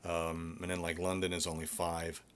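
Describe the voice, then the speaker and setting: A middle-aged man coaching singers over a live stream from his home, his voice sitting a little low. He talks loosely and rambles, circling back with fillers and restarts as he answers viewers. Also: monotone, moderate pace, fairly bright tone, slight background noise. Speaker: vocal coach.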